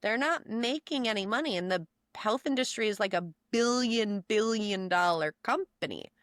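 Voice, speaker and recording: Woman podcast co-host, casual rambling storyteller, mid-pitched voice, dry close sound. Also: lively intonation, moderate pace, a bit bright, no room sound. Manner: rambling storyteller, restarts and quotes herself. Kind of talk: casual chat.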